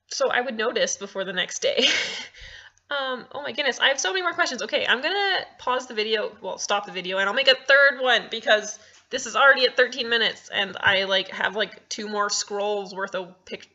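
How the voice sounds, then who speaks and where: Bubbly giggly young woman, bright voice. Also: mid-range voice, moderate pace, gravelly, muffled recording. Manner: bubbly and giggly, rambling with many ums and restarts. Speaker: cosplay vlogger answering viewer questions. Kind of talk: casual Q&A vlog.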